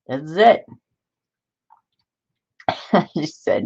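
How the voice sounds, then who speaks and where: Low-voiced woman chatting on a live stream. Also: lively intonation, a little slow, long pauses, lo-fi sound. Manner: chatty, laughs often, greets viewers by name. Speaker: live stream host greeting viewers. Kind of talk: casual live-stream chat while crafting.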